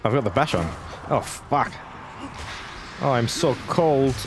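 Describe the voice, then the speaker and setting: A streamer in his twenties takes it slowly, his mid-range voice lively in intonation, as he chats and rambles through live gameplay. Between fights he answers viewers, with background noise audible.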